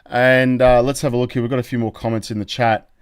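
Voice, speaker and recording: An Australian man hosts a live crypto stream and reacts to the chat in an excitable, rambling way. His voice is smooth and clear, at a middling pitch. The sound is close and dry. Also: fast talker, no echo. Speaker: crypto YouTube host.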